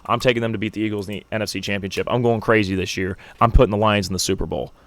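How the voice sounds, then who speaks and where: A young man with a fairly low voice hosts his own sports podcast, ranting through his picks in a brash, joking, hyped-up way. The sound is dry and close, with no room around him. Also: fairly even intonation, very fast, fairly bright tone, dry recording. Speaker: podcast host. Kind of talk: solo sports prediction podcast.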